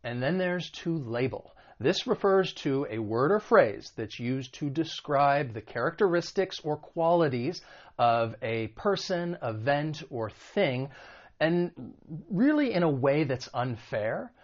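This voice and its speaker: An American English teacher from the United States gives a vocabulary and pronunciation lesson, patiently and clearly explaining word meanings and modelling how to say them. Her delivery is expressive and unhurried in a mid-range voice, though the recording's highs are cut off.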